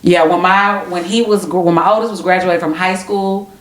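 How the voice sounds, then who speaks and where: A woman in her forties co-hosting a podcast, talking in a relaxed, halting way and often repeating words. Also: lowish voice. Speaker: podcast co-host. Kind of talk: casual chat. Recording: echoey room.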